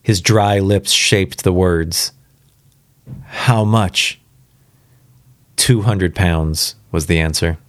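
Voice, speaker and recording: Deep-voiced man reading a story aloud. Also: fairly even intonation, slow, few pauses, no echo. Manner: casual, stops to comment on the text. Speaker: story reader. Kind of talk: live first-time reading with asides.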